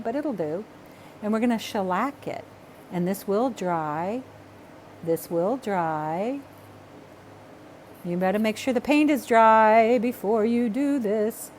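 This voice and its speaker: A woman's voice: medium pitch, slight background noise. Chatty woman teaching an art project. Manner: chatty, self-talking, apologetic and excitable. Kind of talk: casual craft tutorial.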